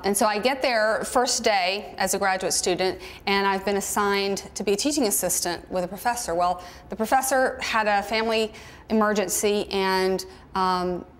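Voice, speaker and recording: Woman with a Southern American accent telling a story. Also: medium pitch. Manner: animated storyteller, with mimicking asides. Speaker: speaker telling a personal story. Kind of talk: storytelling talk.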